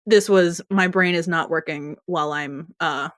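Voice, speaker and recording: Lowish woman rambling through a tv recap, dry close mic. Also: a little slow, no room sound. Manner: chatty, rambling with restarts and laughs. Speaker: podcast co-host. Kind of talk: casual TV recap chat.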